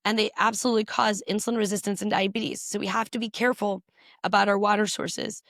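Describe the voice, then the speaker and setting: A woman physician answering interview questions and explaining health tips briskly, repeating points for emphasis. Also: medium pitch, flat delivery, vocal fry, fairly bright tone, no echo, clean studio sound. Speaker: physician guest.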